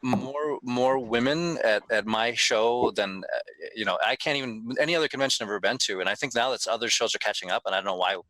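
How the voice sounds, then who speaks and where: A man's voice: mid-range voice, fast talker, bright, forceful tone, no room sound, rough recording. A middle-aged man who organizes a gaming convention talks in casual chat, emphatic and full of restarts, sometimes swearing.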